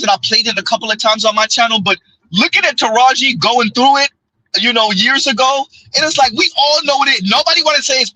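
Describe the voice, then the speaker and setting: Guy with a really high bright voice, kinda husky, cussing and venting on his podcast. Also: no room sound, rough recording. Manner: profane, exasperated ranting. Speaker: podcast host. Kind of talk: casual podcast commentary.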